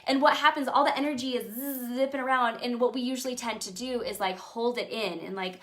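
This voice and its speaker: Bright-voiced chatty woman coach. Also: on the high side, brisk, hardly any pauses. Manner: chatty and emphatic, with many fillers. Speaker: life coach. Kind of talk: casual motivational talk.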